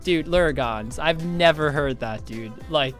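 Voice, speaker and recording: A man's voice: a little high, measured pace, a bit bright, soft background music. A young man in his twenties on a casual game stream, loose and profane, reading viewers' chat aloud and riffing on it. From United States.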